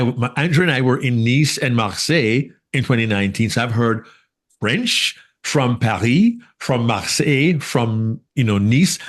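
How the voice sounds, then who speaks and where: A man with a Jamaican accent co-hosting a podcast interview, telling a lively story and laughing easily. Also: mid-range voice. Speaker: podcast co-host. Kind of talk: casual interview chat.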